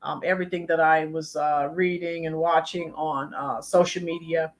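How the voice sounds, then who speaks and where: A woman's voice: low-pitched, steady tone, normal speed. A woman hosting a live-stream, giving emphatic political commentary and talking to chat viewers by name. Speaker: channel host.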